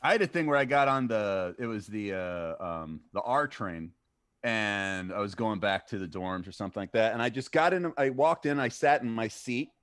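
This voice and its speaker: A man's voice: fairly low pitch, moderate pace, clear, resonant tone, no room sound, clean studio sound. A man co-hosting a casual stream, telling stories and acting out the people in them. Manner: animated, acts out voices in stories, swears casually. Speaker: podcast co-host. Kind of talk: casual chat, storytelling.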